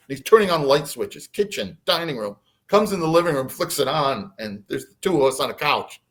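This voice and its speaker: Brief: male podcast guest, casual storyteller, lively swooping intonation. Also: medium pitch, moderate pace, hardly any pauses. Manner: animated, acts out quotes.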